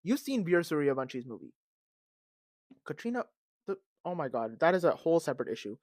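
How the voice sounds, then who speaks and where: A man hosting a podcast, talking in a casual, animated and dramatic rant full of fillers and recorded on a phone. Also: a little high, brisk, dry recording, studio quality. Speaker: podcast host. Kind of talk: casual ranting commentary.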